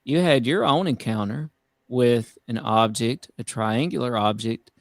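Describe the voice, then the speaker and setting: A man hosting a live-stream talk show in a relaxed, conversational manner. He leans into emphatic asides and keeps things moving. His voice is mid-range and recorded dry and close. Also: mid-range voice, a little slow, no echo. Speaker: host. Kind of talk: casual live-stream chat.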